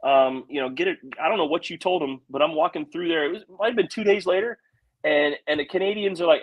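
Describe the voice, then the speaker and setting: An American man and veteran hosting a podcast, animated and laughing, stumbling and swearing as he tells stories. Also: fairly high pitch, quick pace, dry recording, poor audio. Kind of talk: casual chat.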